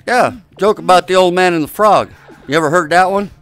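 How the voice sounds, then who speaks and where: A man's voice: sits high, fairly bright tone, faint music behind. A man telling long rambling jokes in a casual online hangout, with lots of hesitant uhs. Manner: rambling, drawn-out delivery with many uhs. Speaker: joke teller in an online game lobby.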